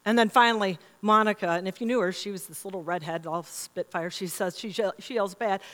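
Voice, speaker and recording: A woman's voice: mid-range voice, fairly quick, few pauses. A middle-aged woman pastor giving a sermon, telling stories and acting out quoted voices as she preaches. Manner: storytelling, animated quoting of others. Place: church sanctuary. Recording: long reverb in a large hall.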